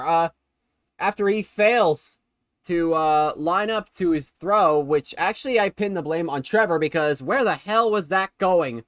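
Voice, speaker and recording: A man commentating his own football video game stream play-by-play, relaxed between plays and suddenly excited when something big happens. His voice sits a little high for a man and keeps correcting itself as he talks. The sound is dry and close, with no room around it. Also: unhurried, no room sound.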